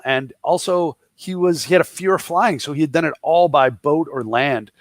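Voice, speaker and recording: Pitched on the high side, his voice moves at a moderate pace with hardly any pauses, in a dry recording. He's a fifty-something entrepreneur from the Boston area with a Boston accent, a guest in a casual interview telling joking stories and mimicking the people in them.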